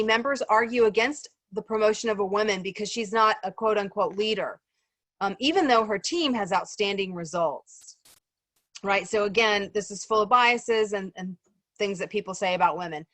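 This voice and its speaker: At a moderate pace, a woman facilitates a conversational group discussion on a video call, using plenty of ums and "right?" checks. Her voice is mid-range and fairly bright, with no echo.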